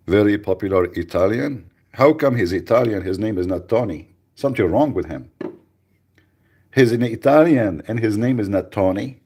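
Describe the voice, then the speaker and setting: Low creaky man, husky voice, rambling live radio host, mocking deadpan jokes. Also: normal speed, pauses often. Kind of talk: casual joking livestream chat.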